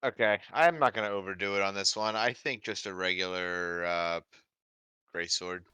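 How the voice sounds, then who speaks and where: A man playing a tabletop game who sounds relaxed and laughs and swears casually. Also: deep voice, moderate pace, clean tone, dry recording.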